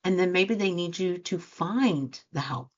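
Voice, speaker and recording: Woman, life coach, motivational talk, earnest, acts out reactions, lowish voice, muffled lo-fi audio. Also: animated, unhurried. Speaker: life coach and show host. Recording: dull lo-fi sound.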